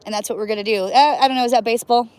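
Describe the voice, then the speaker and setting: A woman's voice: fairly high pitch, steady tone, racing, a little mellow, no room sound. A woman casually chatting on a livestream from outdoors by cold water, playful and laughing often, whooping now and then. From US Northwest. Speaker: livestream host.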